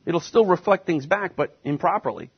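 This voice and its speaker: A man's voice: a little high, expressive, moderate pace, vocal fry, slightly rough, lo-fi sound. A man preaching a sermon, speaking emphatically and putting questions to the congregation. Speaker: pastor.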